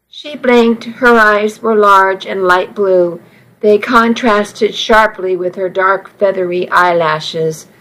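Slow, measured woman narrator. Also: mid-range voice, a bit bright, low-quality recording. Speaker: audiobook narrator. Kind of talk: first-person audiobook narration.

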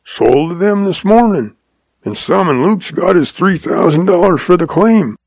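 A man doing a sly old cowboy, raised high. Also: expressive, unhurried, creaky, a little mellow, dry recording, full character voice. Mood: sly calm. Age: older. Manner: folksy drawl, patient and amused. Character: shrewd old male cowboy, calm and sly.

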